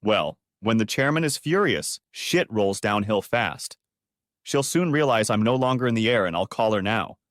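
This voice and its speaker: A man's voice: on the low side, lively intonation, moderate pace, a bit bright, no room sound, clean studio sound. A man voicing a betrayed businessman husband who talks in clipped, commanding bursts. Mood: curt.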